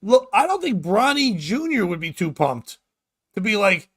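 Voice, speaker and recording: A loud, animated man hosting a comedy chat show. His voice sits high for a man, and he jokes crudely and breaks into sudden shouts. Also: moderate pace, no room sound, studio quality. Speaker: podcast host.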